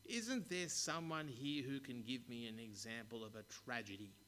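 A man's voice: mid-range voice, normal speed, fairly bright tone, close to an everyday voice. A man voicing a pompous, self-important male mayor who blusters and stammers. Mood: demanding.

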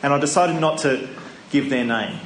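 A man's voice: mid-range voice, normal speed, slight background noise. A middle-aged man preaching a sermon in a church, telling a story in a conversational way and asking rhetorical questions. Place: church sanctuary. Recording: roomy church echo.

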